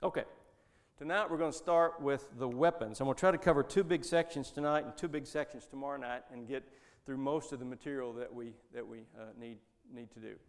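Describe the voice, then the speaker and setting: A man delivers a sermon in an easygoing, folksy way and wanders through his story. His voice sits at an ordinary middle pitch. It rings with long reverb, as if it was recorded in a large church hall. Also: brisk. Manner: folksy, rambling, with many restarts. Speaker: preacher.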